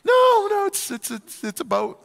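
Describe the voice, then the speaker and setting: A man's voice: very high voice, wildly swooping pitch, normal speed, gravelly, fairly bright tone, big-room sound, pitched above the performer's own voice, heavily acted. A pastor voicing a nervous, stammering man who evasively explains his huge boat to a neighbor. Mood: sheepish. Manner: hesitant, stumbling, evasive.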